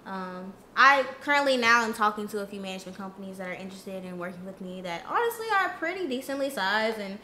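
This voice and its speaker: A young woman telling a storytime vlog, ranting in an animated, indignant way. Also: mid-range voice, fast, hardly any pauses, a little hiss or hum. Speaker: influencer vlogger.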